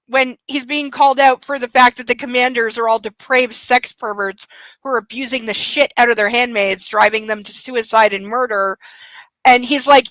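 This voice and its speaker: A woman's voice: fairly high pitch, fairly even intonation, normal speed, fairly bright tone, dry recording, low-quality recording. A woman hosting a book club livestream, talking in a blunt, profane, emphatic way. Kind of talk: casual livestream commentary.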